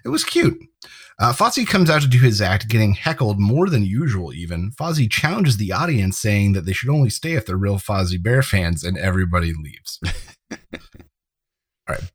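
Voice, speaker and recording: A man's voice: lowish voice, breathy edge, no echo. A man co-hosting a casual chat, recapping an episode and sharing trivia, often laughing as he talks. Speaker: podcast co-host.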